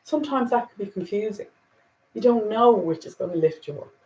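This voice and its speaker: A woman's voice: medium pitch, animated, a little fast, lo-fi sound. Earnest woman giving a spiritual talk. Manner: earnest and reflective, laughs softly, a little emotional. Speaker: spiritual talk host reading angel cards.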